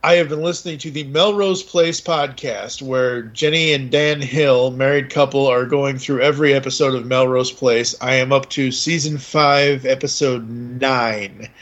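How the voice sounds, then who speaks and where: Brief: male podcast host, chatty and rambling, mid-pitched voice, somewhat muffled recording. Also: steady tone, unhurried, few pauses, fairly bright tone. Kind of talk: casual podcast chat.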